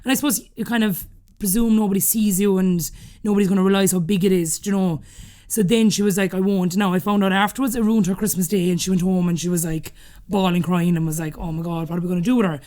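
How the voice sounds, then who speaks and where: A woman's voice: medium pitch, fairly even intonation, quick pace, warm tone. An Irish woman in her thirties with a Cork accent, a podcast guest chatting through personal stories, laughing often as she talks. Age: 30s. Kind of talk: casual storytelling interview.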